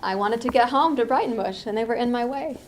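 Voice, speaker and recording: A middle-aged woman from the US East Coast, giving a reflective dharma talk as a meditation teacher, unhurried with lively asides. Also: on the high side, a little hiss or hum.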